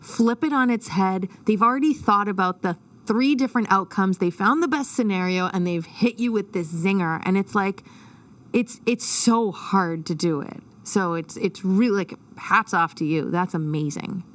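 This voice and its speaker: A woman's voice: mid-range voice, normal speed, distant mic. An enthusiastic woman co-host who sounds set back from the mic. Her voice comes across dry and close to the walls, with no room echo around it. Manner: enthusiastic, agreeable. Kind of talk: casual chat.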